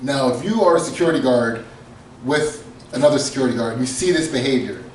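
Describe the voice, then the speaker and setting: Mid-range, brisk, and a little mellow, a male podcast co-host spins a comedic story casually, acting out quotes and laughing often. He sits far from the mic in an echoey room with slight background noise.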